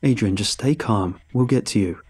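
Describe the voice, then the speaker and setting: A man playing a stern low-voiced captain. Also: normal speed, darkish tone, slightly rough. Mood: commanding. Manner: firm, commanding. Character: stern, loyal male military captain.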